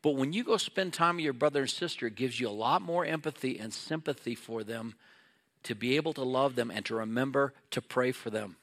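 A man's voice: medium pitch, fairly quick, a bit bright. A middle-aged male pastor preaching a sermon in an earnest, conversational way, acting out little quoted exchanges.

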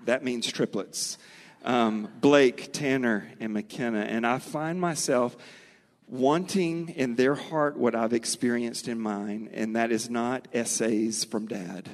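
A middle-aged man preaching a sermon, earnest and storytelling, slowing and speeding up for emphasis. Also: medium pitch, darkish tone. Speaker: pastor. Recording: long reverb of a large hall.

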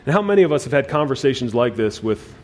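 Man, pastor, sermon, mid-pitched voice, emphatic, loud-and-soft swings, repeated restarts. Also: sing-song, fast. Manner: emphatic, with dynamic swings between loud and quiet phrases; repeats words as he restarts phrases.

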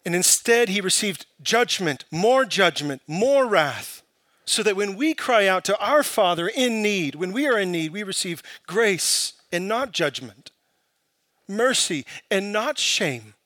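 A man preaching a sermon, building from quiet, searching questions to impassioned, emphatic peaks. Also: high-pitched, animated, a little slow, no room sound. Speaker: pastor.

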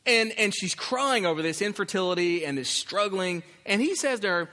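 A man's voice: sits high, animated, normal speed, pushed and bright, big-room sound. A male pastor preaching a sermon in an emphatic, conversational way. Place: church.

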